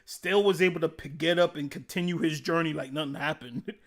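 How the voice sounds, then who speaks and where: A man's voice: fairly high pitch, brisk. A man casually chatting on a live stream, reading chat comments aloud, swearing freely and laughing often as he rambles. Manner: profane, laughs often, rambling game talk.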